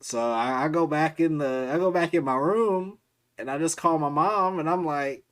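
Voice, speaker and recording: A man's voice: a little high, moderate pace. A man streaming, telling a long personal story in a casual, rambling way with slang and frequent restarts.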